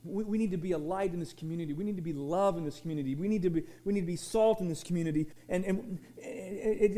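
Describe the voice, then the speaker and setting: A man with a strikingly high voice preaches a sermon. He swings between loud, shouted emphasis and quiet, low-pitched asides. He often restarts and repeats his words. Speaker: pastor.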